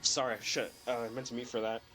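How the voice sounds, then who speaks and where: A man's voice: mid-range voice, flat delivery, fast talker, bright, forceful tone, faint music behind. Sick young man rambling over gameplay. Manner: rambling, filler-heavy, swears casually. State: sick, voice cracking. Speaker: streamer. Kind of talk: casual gameplay commentary.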